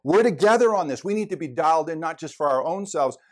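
A man's voice: fairly high pitch, expressive, fast talker. A middle-aged man preaching a sermon, earnest and emphatic, repeating words for stress. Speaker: pastor.

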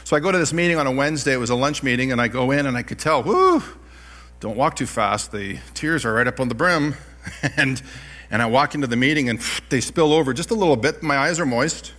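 A middle-aged man preaching a sermon, telling personal stories with animated delivery and self-deprecating laughs. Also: medium pitch, fast talker. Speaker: pastor.

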